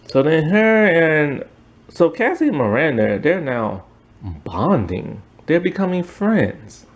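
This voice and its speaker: A man giving a casual, animated recap and review of a TV series, acting out the characters' lines in quick asides and breaking into exasperated outbursts. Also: fairly high pitch. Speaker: show reviewer.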